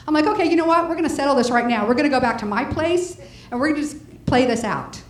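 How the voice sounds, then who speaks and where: Brash, high-pitched middle-aged woman comic doing a bawdy club set, echoey room. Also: fast, far from the mic. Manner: bawdy, brash punchline delivery. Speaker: stand-up comedian. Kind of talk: stand-up comedy set. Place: comedy club stage. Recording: echoey club with faint noise.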